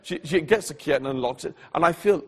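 A man preaching, telling a personal story in an animated way and voicing the people in it, then going hushed at solemn moments. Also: on the high side, quick pace, breathy edge. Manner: animated storyteller who voices the people in his tale; drops to a hushed, quiet delivery at solemn moments. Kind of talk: storytelling sermon.

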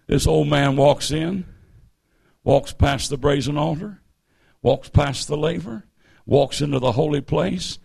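A man's voice: medium pitch, gravelly, darkish tone, slightly rough. A man preaching and retelling a story playfully, calling on the congregation to repeat after him. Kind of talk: sermon storytelling.

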